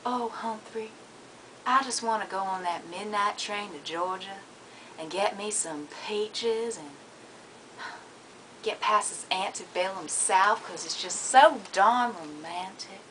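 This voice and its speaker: A woman voicing a young, dreamy Southern belle who speaks softly in a Southern drawl. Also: medium pitch, takes it slowly, a little hiss or hum, rough recording.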